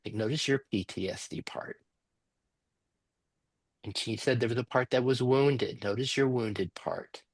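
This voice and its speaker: A man facilitating a workshop, guiding the group with soft, slow, questioning prompts over a video call. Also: medium pitch, no echo. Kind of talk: guided reflective facilitation.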